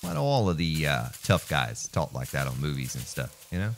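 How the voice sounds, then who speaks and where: A man's voice: a bass voice, big pitch swings, moderate pace, hardly any pauses, slight background noise. A man casually commenting on his gameplay as a let's play host, chatty and jokey, addressing viewers as folks.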